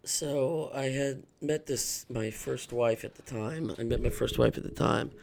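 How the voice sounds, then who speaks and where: Gravelly man telling a hard story. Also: mid-range voice, a little slow, darkish tone. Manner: earnest storyteller, acting out quotes. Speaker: guest. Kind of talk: personal story in a podcast chat.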